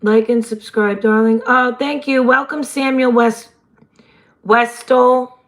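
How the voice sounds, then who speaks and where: A woman, hosting a casual livestream chat in a slightly hoarse voice and laughing often. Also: on the high side, fairly even intonation, slow pace. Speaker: livestream host.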